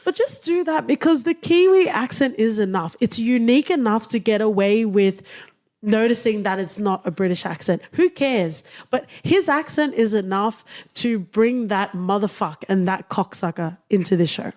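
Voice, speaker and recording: A woman's voice: mid-range voice, lively intonation, moderate pace, darkish tone. A woman co-hosting a podcast in casual chat, blunt and profane, often laughing. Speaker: podcast co-host.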